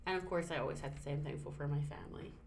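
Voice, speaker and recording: A woman's voice: low voice, fairly even intonation, very fast, creaky, a little mellow, slight background noise. Heartfelt woman podcast co-host. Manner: heartfelt, emotional. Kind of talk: casual chat.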